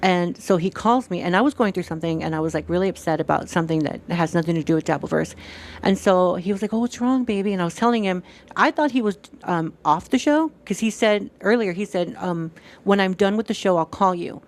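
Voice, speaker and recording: A woman's voice: fairly low pitch, brisk. A woman chatting casually on a stream, retelling events animatedly, acting out quoted dialogue and swearing freely.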